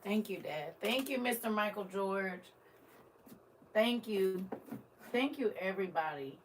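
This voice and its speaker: A woman with a mid-range, expressive voice talks at a measured pace, with slight noise in the background. She's a live streamer opening gifts, chatting casually and directly to her viewers while holding back tears, clearly emotional.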